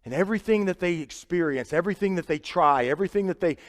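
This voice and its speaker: A man with a fairly high voice delivers a sermon in an earnest, conversational way. He swings between loud emphasis and quiet asides, and the church hall gives his voice a long reverb. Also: fast talker. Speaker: preacher. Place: church sanctuary.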